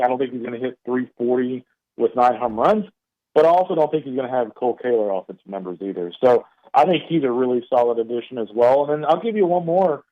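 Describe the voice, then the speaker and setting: Man with an East Texas drawl on a phone line. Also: medium pitch. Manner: loose, filler-heavy talk with many restarts. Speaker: baseball analyst guest. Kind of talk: radio interview commentary. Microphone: phone call into studio.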